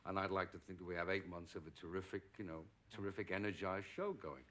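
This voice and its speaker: Casting: middle-aged man from England, slightly low, bright and forceful tone, a lively storyteller who slips into quoted voices. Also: quick pace. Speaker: actor, talk show guest. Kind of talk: anecdotal chat.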